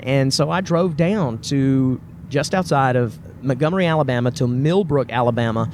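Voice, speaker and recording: A man's voice: mid-range voice, a little fast, few pauses, a little mellow, slight background noise. A man hosting a podcast, telling a personal story in a casual, enthusiastic and rambling way, often repeating himself and restarting phrases. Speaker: podcast host.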